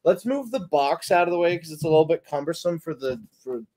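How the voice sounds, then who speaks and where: A man's voice: on the high side, lively intonation, quick pace, a little mellow. Upbeat man hosting a shopping livestream. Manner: upbeat, salesy, talks while moving things. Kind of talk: casual product showcase chat.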